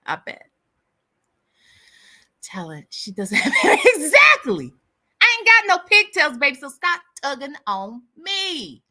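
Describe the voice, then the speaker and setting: A woman's voice: fairly high pitch, sharp tone. A woman hosting a casual livestream chat, answering viewer comments with sassy, candid banter. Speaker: livestream host.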